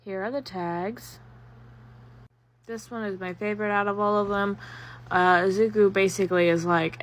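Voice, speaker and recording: Brief: rambling, chatty woman recommending stories, mid-pitched, light hum in the background. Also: steady tone, moderate pace, long pauses. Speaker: fanfiction reviewer. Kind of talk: casual recommendation vlog.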